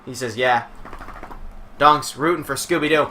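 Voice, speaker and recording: A man's voice: medium pitch, a little slow, sharp tone, slight background noise. A young man live-streaming a wrestling video game, rambling and joking through mock play-by-play commentary from home. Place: home room while streaming.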